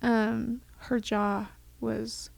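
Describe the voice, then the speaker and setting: Speaking very slowly in a fairly high, level voice with vocal fry, a young woman co-hosts a podcast. Her casual chat rambles with many fillers, and she sounds tender and close to tears. There's no room sound.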